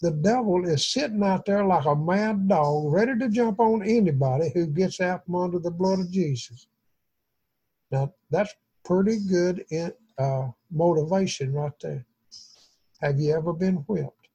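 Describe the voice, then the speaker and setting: Husky folksy man teaching scripture. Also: sits high, a little slow, dark tone, lo-fi sound. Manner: folksy, rambling with restarts. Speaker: pastor. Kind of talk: informal Bible study teaching.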